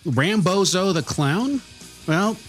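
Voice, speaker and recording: A man co-hosting a music podcast, talking casually about songs and albums, and he speeds up when excited. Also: sits high, takes it slowly. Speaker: podcast co-host.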